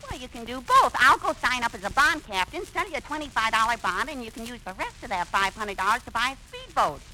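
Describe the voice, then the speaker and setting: Brash, scheming comic gal. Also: female voice, fairly high pitch, expressive, fast, bright, forceful tone, rough recording. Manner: brash, theatrical, flustered when caught out. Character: scheming, bossy, excitable young woman. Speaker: comic lead. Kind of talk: 1940s radio comedy acting. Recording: hissy 1940s radio recording.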